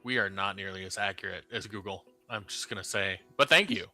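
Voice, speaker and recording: A man on a casual podcast, making dry, low-key jokes. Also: fairly quick, pushed and bright, soft background music. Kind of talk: casual chat.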